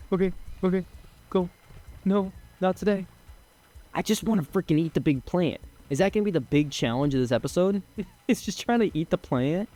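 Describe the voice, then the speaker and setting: A young man giving casual let's-play commentary as a gaming streamer, chatty and excitable, swearing and laughing as he plays. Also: a little high.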